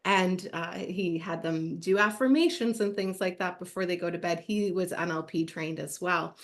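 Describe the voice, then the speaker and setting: A woman's voice: lowish voice, fairly even intonation, normal speed, few pauses. A woman hosting an interview show, summarizing her guest's points for listeners in an upbeat way. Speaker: podcast host. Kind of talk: interview conversation.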